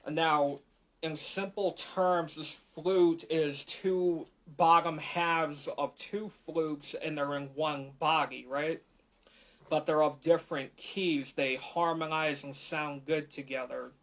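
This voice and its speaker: A man speaks slowly and unhurriedly, his voice sitting a little high and staying level, with few rises or falls. He explains his instruments to a live audience with frequent fillers. He is picked up by a camera in a community library room. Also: fairly even intonation, a bit bright. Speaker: flute player. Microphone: camera mic in the room.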